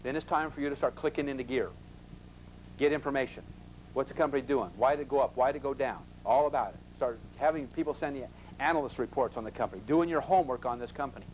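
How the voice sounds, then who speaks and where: A man's voice: mid-range voice, fast, a little mellow, slight background noise, poor audio. A man teaching a live investment seminar in a classroom, emphatic and constantly asking the audience rhetorical questions.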